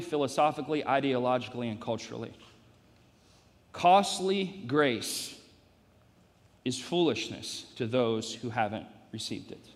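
Man preaching in a reverberant hall. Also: mid-range voice. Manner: preaching with emphatic repetition, building to loud peaks. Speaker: pastor. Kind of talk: sermon. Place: church sanctuary.

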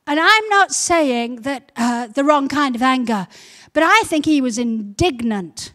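A woman pastor giving a sermon, building to loud repeated emphasis. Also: high-pitched, lively intonation, unhurried.

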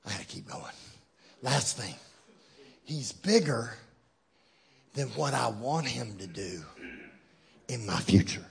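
A man preaching a sermon as a guest preacher in a church, moving from hushed, low passages to loud shouted climaxes with touches of humor. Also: expressive, takes it slowly, gravelly, long pauses. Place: church in front of a congregation.

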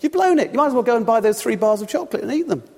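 A man's voice: very high-pitched, lively intonation, rapid-fire, pitched above the performer's own voice, heavily acted. A man voicing a scheming male devil who tempts and accuses, in a sly, wheedling manner, as part of a sermon. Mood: scornful. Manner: sly, coaxing then scornful. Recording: long reverb of a large hall.

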